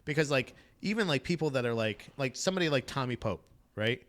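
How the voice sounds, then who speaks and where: A man co-hosting a casual comedy podcast, rambling with lots of fillers in lively banter, talking into a studio mic. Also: mid-range voice, fairly quick. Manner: rambling, many fillers, animated. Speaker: podcast co-host.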